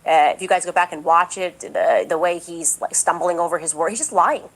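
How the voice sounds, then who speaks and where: A woman's voice: fairly low pitch, expressive, a little fast, rough recording. A woman commentator delivering a podcast monologue, emphatic and indignant, repeating her points insistently. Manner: mocks others in a raised, exaggerated voice. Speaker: political commentator.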